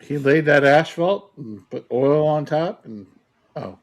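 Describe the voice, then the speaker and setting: A man's voice: a little high, slow. A man co-hosting a casual chat show, laid-back and dryly humorous. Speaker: co-host.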